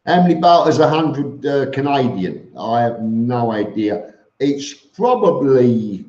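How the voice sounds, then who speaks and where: A man hosts a casual live stream, reading viewer comments aloud and answering them in a blunt, matter-of-fact way, with plenty of fillers and restarts. He speaks slowly. The audio is roomy and a bit dull and lo-fi. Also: medium pitch, darkish tone. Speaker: vlogger answering live chat.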